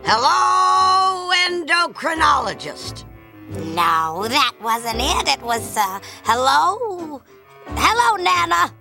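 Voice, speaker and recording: A woman's voice: sits high, sing-song, slow pace, gravelly, pushed and bright, soft background music, heavily acted. A woman voicing a forgetful elderly woman in a cartoon, rambling as she searches for words. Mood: muddled. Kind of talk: cartoon voice acting.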